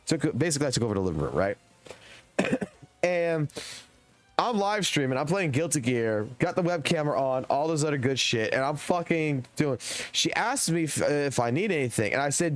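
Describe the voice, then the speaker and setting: A man's voice: on the high side, expressive, normal speed, no room sound, soft background music. A young adult man streaming live, telling a long, rambling story in casual chat and swearing heavily. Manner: profane, rambling, heated storytelling.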